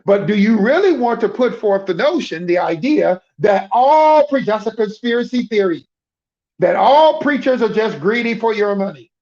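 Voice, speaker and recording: Emphatic middle-aged preacher with a high voice; repeats and restarts in sermon chat, dull lo-fi sound. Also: male voice, big pitch swings, normal speed, darkish tone. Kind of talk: conversational sermon.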